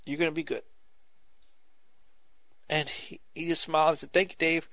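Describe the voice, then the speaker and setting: A man's voice: a little high, level tone, normal speed, sharp tone, no room sound. A man preacher giving an informal sermon, telling a testimony in a conversational way, repeating phrases for emphasis, then moving into prayer.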